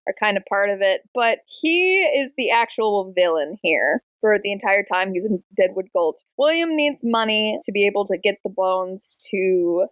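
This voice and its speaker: A woman hosting a book club podcast, chatty and animated as she retells a plot. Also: mid-range voice, moderate pace, few pauses, dry recording. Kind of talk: casual book discussion.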